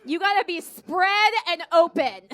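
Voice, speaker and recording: An American woman performing a live stand-up routine, telling a story with lively acted-out voices and laughing along with her own jokes. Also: very high voice, a little slow. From United States. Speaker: stand-up comedian. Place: comedy stage in front of a live audience.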